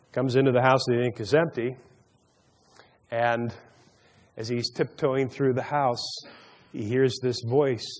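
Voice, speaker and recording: A man teaching a Bible study sermon, telling stories and jokes, often stumbling and repeating words as he goes. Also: medium pitch. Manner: stammering repeats, storytelling with a joke. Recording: long hall reverb.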